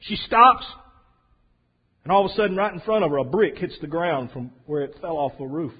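A man preaching a sermon in a folksy, storytelling way, swinging from soft asides to loud emphasis. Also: fairly high pitch, lively intonation, fast, slightly rough. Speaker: pastor. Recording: dull lo-fi sound.

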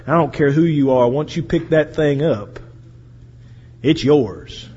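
A man preaching a sermon, acting out voices and swinging between loud and quiet. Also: a little high, takes it slowly, slightly rough, highs cut off. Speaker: pastor. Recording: echoey hall with long reverb.

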